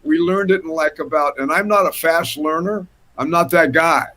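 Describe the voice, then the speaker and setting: An older man telling a lively, laughing anecdote as a guest musician on a casual panel, talking over a video call from home. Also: fairly high pitch, normal speed, low-quality recording. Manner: animated, laughing anecdote teller.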